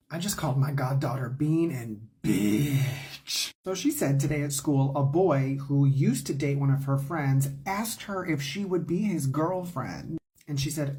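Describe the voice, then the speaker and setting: A woman's voice: rumbling low, animated, measured pace, mellow, slight background noise. A woman telling stories in a casual vlog, sassy and blunt, swearing freely. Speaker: storyteller.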